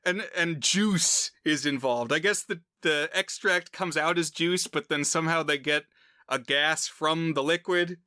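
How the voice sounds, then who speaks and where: A man's voice: on the high side, a little slow, sharp tone, no room sound, studio quality. A man chatting casually on a film podcast, explaining plot points in a rambling way with lots of fillers. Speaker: podcast co-host.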